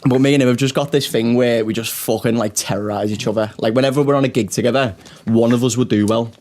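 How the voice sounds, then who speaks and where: A man's voice: medium pitch, steady tone, fast, a little mellow. A young man, a comedian co-hosting a podcast, telling stories in casual chat, swearing often and laughing through them.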